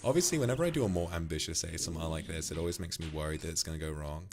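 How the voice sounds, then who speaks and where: A man's voice: extremely low pitch, rapid-fire, faint music behind. A man streaming, casually chatting and reading out viewer donations in a teasing, affectionate way.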